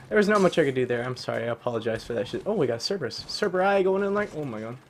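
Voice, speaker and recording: Excitable young man yelling over gameplay. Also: mid-range voice, fast. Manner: excitable, yelps, swaps swears for "fudge". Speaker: gaming channel host. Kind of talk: live gameplay commentary.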